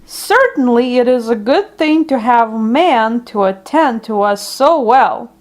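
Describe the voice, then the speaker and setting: A woman reads a children's story aloud in a high voice, taking her time over every phrase. The delivery is gentle and unhurried, made for young listeners. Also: animated.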